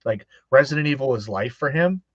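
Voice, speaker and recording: A man's voice: mid-range voice, lively intonation, fairly quick, dry recording. A man hosting a casual chat, telling stories animatedly and acting out quoted voices, with frequent laughs. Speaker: host. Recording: dull lo-fi dry sound.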